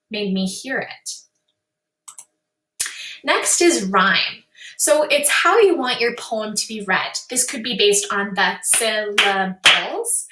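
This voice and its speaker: A woman's voice: fairly high pitch, sharp tone, far from the mic. A woman teaching a lesson on poetry, explaining terms in an upbeat, explanatory way and calling things really cool. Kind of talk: classroom lesson on poetry with read-aloud examples. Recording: echoey room, voice a bit off-mic.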